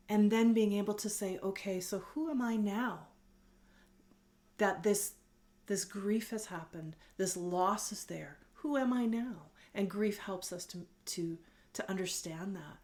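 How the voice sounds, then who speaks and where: A middle-aged woman giving a heartfelt personal talk, gentle and candid, a little tearful at times. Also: medium pitch. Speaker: host.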